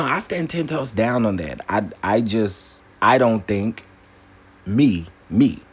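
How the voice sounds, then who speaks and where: A man hosting a casual opinion commentary, emphatic and animated, repeating phrases for punch. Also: fairly low pitch, breathy edge. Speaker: commentary channel host.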